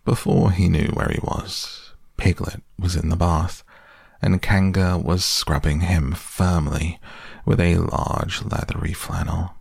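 A man reading a children's storybook aloud in an unhurried, gentle way. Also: sits low, level tone, vocal fry, husky, no room sound, clean studio sound. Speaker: narrator.

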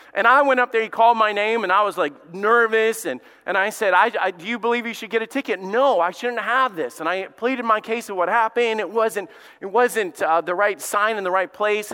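Southern pastor guy, high bright voice, chatty rambling storyteller, echoey big hall. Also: clear, resonant tone. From Alabama, US. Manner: casual storytelling with many fillers and restarts. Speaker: lead pastor. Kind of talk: conversational sermon.

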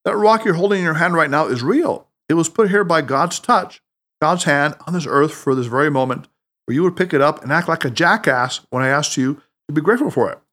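A man reading aloud as a wise, playful mentor who teases and insists gently. The voice sits a touch high and swings widely in pitch, lively and animated throughout. An audiobook figure full of emphatic warmth of conviction. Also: a little fast.

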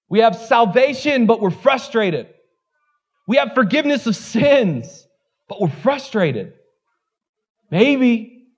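Male pastor, high voice, lively pulpit delivery with loud peaks and soft asides; dull recording. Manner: animated preaching, swinging from loud exclamations to low asides. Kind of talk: sermon.

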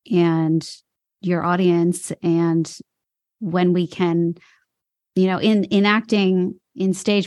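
A woman's voice: on the low side, darkish tone, no room sound, studio quality. A woman hosting a podcast, speaking in a thoughtful, reflective way. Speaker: podcast host. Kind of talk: casual interview chat.

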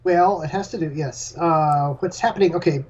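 An older man, co-hosting a casual chat and talking in a halting, self-deprecating way. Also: on the high side, darkish tone. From Texas. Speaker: co-host. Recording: dull lo-fi line with faint hiss.

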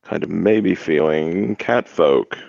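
A man's voice: low voice, takes it slowly, creaky, a little mellow, dry recording, lo-fi sound. A man chatting casually and joking around at a game table, laid-back with trailing restarts. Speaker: player. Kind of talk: casual chat.

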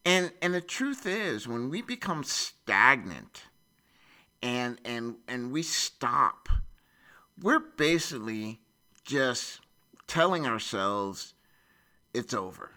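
A man in his forties telling a personal story in an animated way, with frequent repeats and restarts. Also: mid-range voice, slow pace. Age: 40s.

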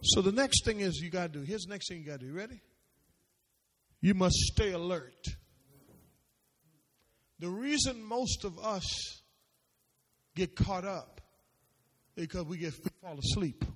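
High-voiced preacher in a reverberant hall. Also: male voice, expressive, unhurried, long pauses. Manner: preachy call-and-response, rising to shouts. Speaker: pastor. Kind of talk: sermon. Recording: long reverb of a large hall.

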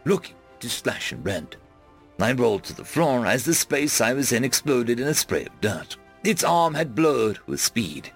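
An expressive male narrator reading a fantasy web serial in first person, his voice rising and dropping dramatically through the action. Mid-range pitch with a lively melody, and faint music running softly underneath. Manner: expressive, dramatic pitch swings, shouted dialogue. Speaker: audiobook narrator.

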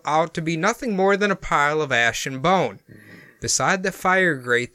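A man's voice: on the high side, sharp tone, no echo, clean studio sound. A man co-hosting a casual podcast, reading from his notes and often chuckling mid-sentence. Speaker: podcast co-host presenting the topic. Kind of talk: casual chat mixed with reading notes aloud.

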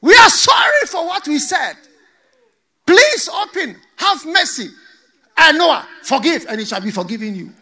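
A preacher acts out a panicked crowd drowning in the flood, screaming for rescue in loud, high, wailing cries. Their begging keeps cracking into laughter. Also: male voice, very animated, a little slow, full character voice. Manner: wailing, pleading, breaking into laughter.

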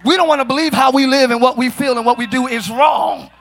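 A middle-aged male pastor preaching a sermon in a church, often shouting, with playful asides to the congregation. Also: very high-pitched, fast, a little hiss or hum. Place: church sanctuary.

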